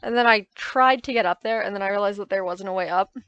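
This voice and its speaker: A woman's voice: mid-range voice, fast talker, a bit bright, clean tone, no room sound, highs cut off. A woman giving casual, rambling voice-over commentary on her own gameplay, often correcting herself as she recounts her frustrations. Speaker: gaming YouTuber.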